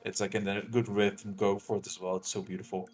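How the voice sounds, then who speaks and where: Low-voiced man chatting on stream. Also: level tone, fairly quick, soft background music. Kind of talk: casual gaming stream chat.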